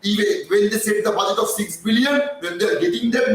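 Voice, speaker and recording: Man, high voice, heated fan rant, echoey room, distant mic. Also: fast, hardly any pauses. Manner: heated, ranting, swears, apologizes for getting hyper. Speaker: fan channel host. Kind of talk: live-stream fan commentary.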